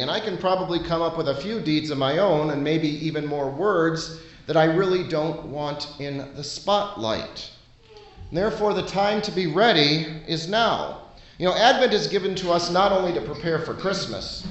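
Male preacher, earnest conversational delivery, fairly high voice, roomy echo. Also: lively intonation, moderate pace, dull audio. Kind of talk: sermon.

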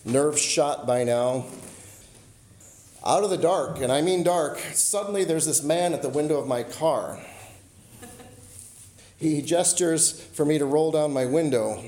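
Man preaching a story-driven sermon, roomy echo. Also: a little high. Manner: storytelling, slows and softens on key lines. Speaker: pastor.

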